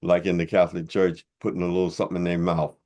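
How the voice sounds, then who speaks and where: Older male commentator with a very deep voice, preacher-like, mocking and blunt in a heated rebuttal. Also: completely flat delivery, quick pace, dark tone. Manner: blunt and informal. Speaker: religious commentator.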